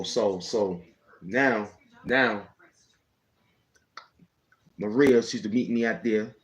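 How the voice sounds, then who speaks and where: A man with a somewhat low voice tells a story from his own life in a loose, slangy way. He rambles, circles back, and keeps checking in with "you know what I'm saying". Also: low-quality recording. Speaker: channel host telling a personal story. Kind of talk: casual storytelling.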